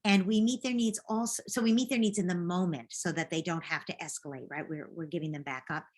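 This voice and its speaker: A woman with a slightly low voice, advising parents in a live online session. She talks gently and reassuringly, as a coach walking someone through a problem. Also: a little fast.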